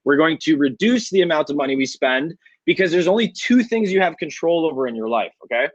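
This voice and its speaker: Man, fairly high voice, energetic webinar presenter, dull dry call audio. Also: fairly quick, no echo. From Canada. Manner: energetic, repeats "okay?" to check in. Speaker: workshop speaker. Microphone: online video call.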